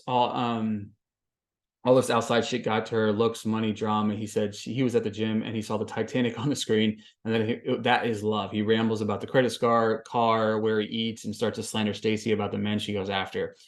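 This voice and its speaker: A man hosting a podcast, recapping a reality show in casual commentary, swinging from flat summary to loud exasperated rants. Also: lowish voice, a little fast. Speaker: podcast host.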